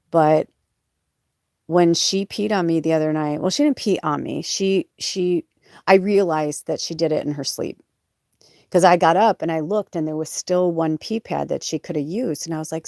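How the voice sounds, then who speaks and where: A woman's voice: low voice, creaky, a little mellow, no room sound, studio quality. A woman podcast host talking in a rambling, emotional way, full of fillers and restarts, in a casual personal monologue. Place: off-grid home or van.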